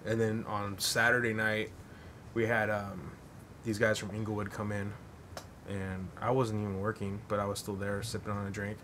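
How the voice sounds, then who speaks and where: A man's voice: fairly low pitch, flat delivery, moderate pace, bright, forceful tone, slight background noise. Rambling, profane male podcast host. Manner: rambling and profane, heavy with fillers. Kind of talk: casual storytelling.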